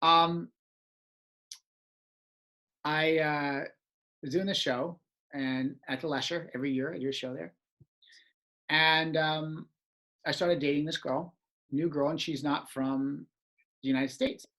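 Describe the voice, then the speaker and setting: A man's voice: fairly high pitch, steady tone, slow pace, pauses often, pushed and bright. A man hosting a podcast, telling stories in a casual chat and laughing often. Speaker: podcast host.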